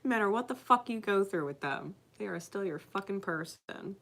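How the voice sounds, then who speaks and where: A woman's voice: mid-range voice, animated, normal speed, vocal fry, fairly bright tone. A woman giving a casual spiritual reading to her viewers, emphatic, swearing constantly and laughing often. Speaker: spiritual card reader. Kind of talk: casual unscripted monologue to viewers.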